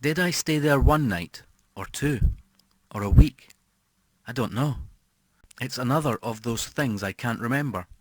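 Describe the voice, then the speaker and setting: Man reading horror in a hushed, brooding voice. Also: medium pitch, animated, measured pace, dry recording. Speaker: audiobook reader. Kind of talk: scripted horror narration.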